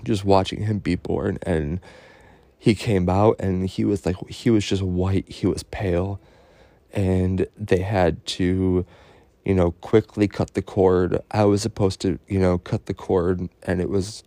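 A man telling a personal story in a halting, earnest way, full of fillers and restarts, openly emotional. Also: low-pitched, level tone, warm tone, no echo.

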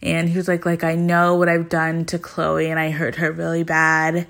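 A woman chatting casually about the latest episodes, her voice sitting a little low for a woman. She tells it like gossip to a friend, jumping into quick impressions of whoever spoke and padding her sentences with "like.". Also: gravelly. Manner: animated storytelling, acting out quotes with "like" fillers. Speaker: reality TV recap vlogger.

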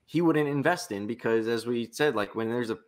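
A man's voice: medium pitch, brisk. Rambling male podcast co-host. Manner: rambling storyteller, acts out others in quotes. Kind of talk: casual chat.

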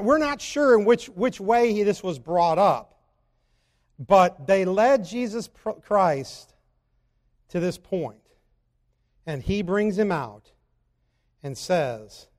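A man preaching a sermon who swings between loud, emphatic passages and low, slow scripture reading. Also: lively intonation, in a large hall.

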